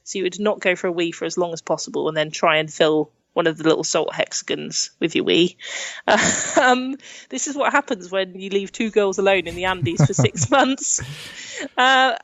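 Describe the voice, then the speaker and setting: Speaking at medium pitch on a dry recording with the top end cut off, a young English adventurer guests on a podcast. She shares travel stories chattily, often laughing and acting out what others said.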